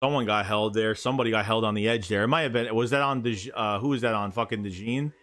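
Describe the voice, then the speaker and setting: Talking fast in a fairly low voice, a fan streamer reacts live to a football game, cursing openly and getting worked up. Bad plays set him yelling.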